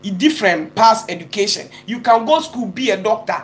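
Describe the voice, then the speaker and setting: A man's voice: sits high, expressive, brisk, soft background music. Chatty man hosting a live stream. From Ghana. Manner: chatty, switches between Pidgin and English, greets viewers by name. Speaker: YouTube live-stream host. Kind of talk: casual live-stream chat. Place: in Italy.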